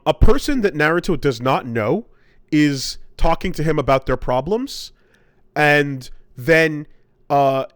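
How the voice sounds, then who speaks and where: A man's voice: mid-range voice, no echo. A man ranting in casual podcast chat, telling a rambling, profane story. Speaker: podcast co-host.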